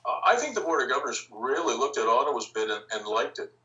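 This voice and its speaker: An older man recounts stories as a podcast guest, his voice bright and forward. He talks in a lively, anecdotal way and laughs lightly between points. The sound is a little distant from the microphone. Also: mid-range voice, fast talker, dull audio. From Canada. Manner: anecdotal, animated, chuckles while telling stories. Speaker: interview guest, hockey team founder. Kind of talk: storytelling podcast interview.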